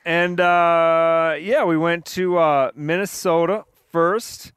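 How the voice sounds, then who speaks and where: A man on a podcast recapping a fishing trip in casual chat, hesitant with lots of pauses. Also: fairly high pitch, fairly even intonation, a bit bright, clean tone, no room sound, studio quality. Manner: hesitant, many fillers. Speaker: podcast guest.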